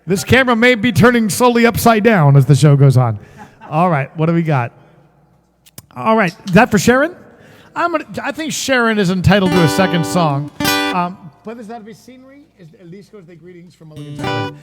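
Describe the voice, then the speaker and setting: A man's voice: high-pitched, very animated, a little fast, big-room sound. A man hosting a casual music livestream, chatting and joking with viewers and greeting them by name. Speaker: musician and livestream show host.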